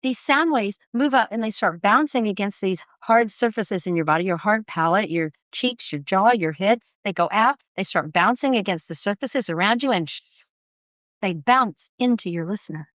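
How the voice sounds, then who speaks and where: Woman voice coach, emphatic and expressive, dry close recording, mid pitch. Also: moderate pace, dry recording. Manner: expressive, emphatic teaching delivery. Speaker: voice coach guest. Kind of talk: podcast interview.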